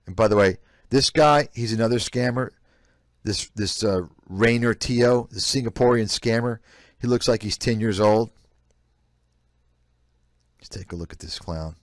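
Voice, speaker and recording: A man's voice: on the low side, unhurried, pauses often, dry recording, clean studio sound. A man giving blunt, scornful commentary on a live stream, reacting to clips. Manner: blunt, scornful, repetitive ranting. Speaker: host, investment analyst.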